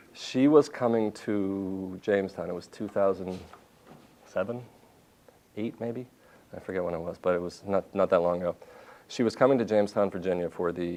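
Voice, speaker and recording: Speaking as a visiting journalist in a university lecture hall, a man in his fifties with a very deep, low voice gives a talk full of anecdotes. He tells them briskly and animatedly, frequently stopping, correcting himself and starting over.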